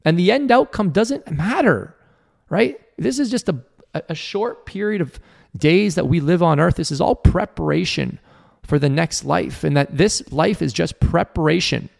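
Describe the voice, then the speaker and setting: A man's voice: a little high, normal speed, creaky. A man hosting a motivational podcast, speaking earnestly in a coaching tone to entrepreneurs and acting out the people he quotes. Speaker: podcast host.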